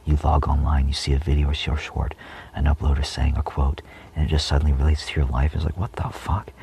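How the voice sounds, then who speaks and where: Very deep, gravelly-voiced man rambling. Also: completely flat delivery, quick pace, warm tone, slight background noise. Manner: meandering, many fillers, often trails off into whispers. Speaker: spiritual vlogger. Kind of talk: rambling monologue.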